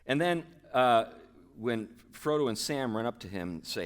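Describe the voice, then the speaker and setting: A man's voice: medium pitch, lively intonation, normal speed, clean tone. A man giving a casual, conversational talk to a men's group in a church hall, with fillers and chatty asides. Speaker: guest speaker.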